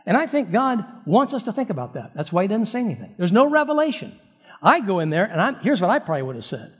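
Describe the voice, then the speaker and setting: A pastor preaching a sermon in an animated way, often repeating words and restarting. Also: male voice, high voice, fast talker, breathy edge.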